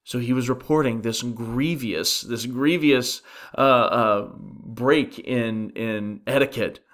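A man's voice: medium pitch, takes it slowly, a bit bright. A pastor delivering a conversational sermon on a Bible passage, asking the listeners questions and often restarting his sentences. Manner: earnest, asks the listeners rhetorical questions; frequent restarts while thinking aloud.

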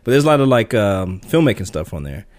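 A man's voice: lowish voice, very animated, quick pace, a little mellow. A man co-hosting a filmmaking podcast, chatting casually and rambling with many restarts and fillers. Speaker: podcast co-host. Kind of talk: casual film chat.

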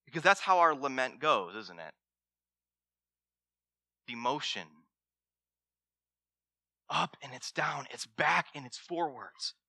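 A man preaching a sermon as pastor, swinging between loud emphasis and hushed words and asking the congregation direct questions. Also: mid-range voice, animated, slow, creaky, long pauses, no room sound, studio quality.

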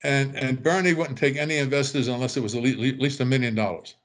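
Older man, casual storytelling, animated, does voices of people he met. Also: medium pitch, fast talker. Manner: animated, acts out quoted voices. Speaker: storyteller guest. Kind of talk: casual anecdote telling.

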